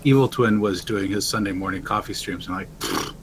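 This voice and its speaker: A man with a fairly low voice chatting as a guest on a game stream. He rambles easily, pausing with "um" and "uh" as he goes. A faint noise sits behind him. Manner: laid-back, rambling, many "um"s and "uh"s. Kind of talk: casual voice-chat conversation.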